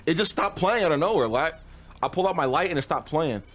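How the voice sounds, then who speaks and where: A man's voice: fairly high pitch, expressive, quick pace, a bit bright. A young man doing casual gaming commentary, jumpy and slangy, yelping and laughing at scares as he plays. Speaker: gaming streamer. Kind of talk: casual let's-play commentary. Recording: game music playing behind.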